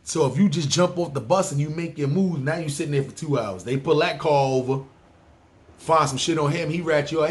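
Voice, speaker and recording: Nyc guy hosting his own podcast, kinda high voice, cursing and going off casually. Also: a little fast. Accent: New York City. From New York City. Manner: animated, profane street talk. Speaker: podcast host. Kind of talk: casual monologue ranking places.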